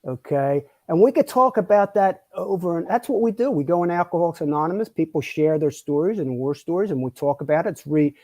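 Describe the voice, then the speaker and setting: A man's voice: on the high side, expressive, brisk, few pauses, a little mellow, no room sound. A man co-hosting a recovery podcast, speaking emphatically and repeating himself as he makes his points. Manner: emphatic, repetitive, interrupting. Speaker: podcast co-host. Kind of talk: casual recovery discussion.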